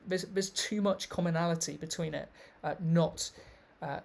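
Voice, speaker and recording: A man's voice: on the high side, steady tone, moderate pace, gravelly. A man giving an explanatory video lecture, reading passages aloud and commenting on them as he goes. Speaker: literary researcher presenting a thesis.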